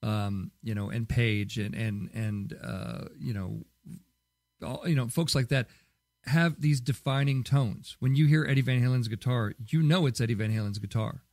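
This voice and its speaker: A man's voice: mid-range voice, normal speed, darkish tone, no room sound, studio quality. A man hosting a podcast in casual solo talk, rambling with many fillers and restarts. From Southern California. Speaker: podcast host.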